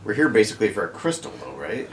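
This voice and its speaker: Man, tabletop player, hesitant, filler-heavy, echoey room, clear noise. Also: lowish voice, big pitch swings, very fast. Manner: hesitant, many "uh"s. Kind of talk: playing a tabletop game.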